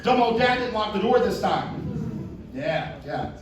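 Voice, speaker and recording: A man's voice: high voice, lively intonation, unhurried, noisy background. A man doing a self-deprecating stand-up set, telling family stories on a club stage. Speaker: stand-up comedian. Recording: echoey club, distant mic, audience.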